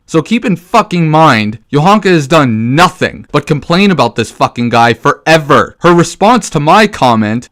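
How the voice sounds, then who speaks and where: A man giving a comedic, profane rant about a video game, swearing a lot and building into yelling. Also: fairly high pitch, lively intonation, a little fast, few pauses, no echo, studio quality. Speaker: game commentary youtuber.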